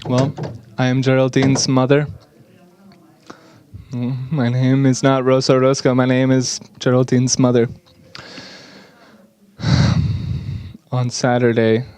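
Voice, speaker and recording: A man giving an earnest, slightly halting English voice-over interpretation of speakers at a conference. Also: medium pitch, monotone, darkish tone, clear, resonant tone.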